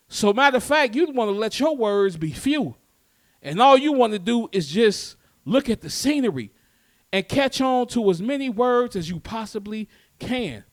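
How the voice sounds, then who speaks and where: A man preaching a sermon, swinging between loud, emphatic lines and low, soft ones. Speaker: teacher.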